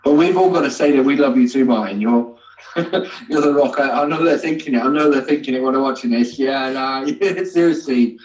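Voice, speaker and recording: A man being interviewed, talking in a halting way with many fillers and restarts. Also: medium pitch, a little mellow. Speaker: guest, amateur actor. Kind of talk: casual interview chat. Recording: echoey, distant, dull sound.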